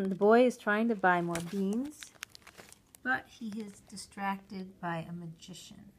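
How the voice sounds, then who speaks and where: A woman reading a short story aloud, slowly and deliberately, giving the characters' lines their own voices. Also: medium pitch, a little mellow. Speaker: reader.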